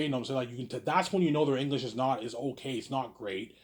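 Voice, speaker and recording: A man's voice: medium pitch, fast, hardly any pauses. A man from Quebec rambling through a casual livestream monologue, stumbling over restarts and tacking on the same filler word again and again. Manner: repetitive, stammering restarts, keeps saying "obviously". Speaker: livestream host reading viewer questions.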